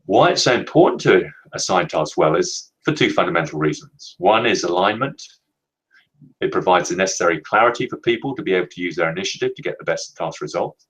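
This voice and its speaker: A man presenting a leadership training webinar, explaining in a measured, emphatic way and slowing down to stress key words. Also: deep voice, lively intonation, a bit bright, rough recording.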